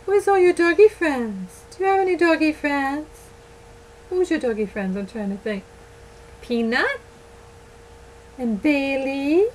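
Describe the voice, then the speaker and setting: A woman's voice: sits high, animated, slow, long pauses, a little mellow, rough recording. A woman cooing to her pet dog in sing-song baby talk, recorded at home on a laptop webcam mic. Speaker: pet owner. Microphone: laptop built-in webcam mic.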